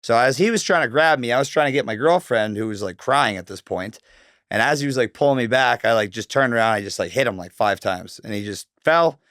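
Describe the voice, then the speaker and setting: A man's voice: medium pitch, expressive, fairly quick, a bit bright, no echo, clean studio sound. A man from Canada in his thirties, talking casually as a guest, swearing often and filling his speech with likes and ums. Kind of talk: casual storytelling interview.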